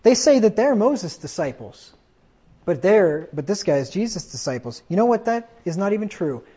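A man's voice: sits high, big pitch swings, moderate pace, dark tone, husky, muffled recording. A man preaching a fiery sermon, reading scripture aloud and mocking his opponents in put-on voices. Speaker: pastor.

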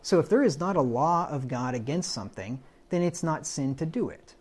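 A man with a husky, expressive voice on the high side preaches a conversational Bible-study sermon at normal speed. He reads verses aloud and keeps asking his listeners "right?"

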